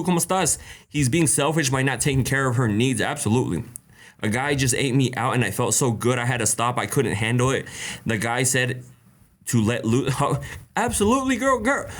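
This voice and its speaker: A man in his own everyday voice hosts a casual live stream, talking straight into a close mic. He is animated and blunt, laughs often, and breaks off to greet people in the chat. His pitch sits right in the middle for a man. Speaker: live Q&A host reading viewer questions.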